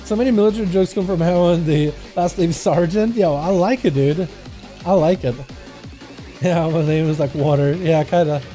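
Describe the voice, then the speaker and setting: A man's voice: a little high, moderate pace, mellow. A young man of Russian first language, streaming a game and chatting loosely with viewers in rambling slang. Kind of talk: casual livestream chat with viewers. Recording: faint music behind.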